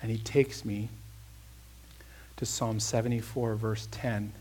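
A man's voice: fairly low pitch, level tone, takes it slowly, darkish tone, slight background noise. A man preaching a conversational sermon, telling a personal story with earnest emphasis and then leading a prayer.

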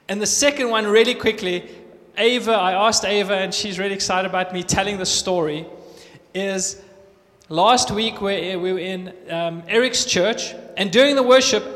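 High-voiced man telling church testimonies. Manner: animated storyteller acting out dialogue. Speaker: guest speaker sharing testimonies. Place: church hall. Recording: reverberant church hall.

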